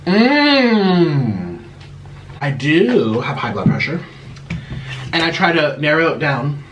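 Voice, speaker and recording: Chatting to the camera between bites, a mukbang creator names each dish and hums and moans with pleasure. His fairly high voice is expressive, a bit bright and a little slow, with a little hiss or hum.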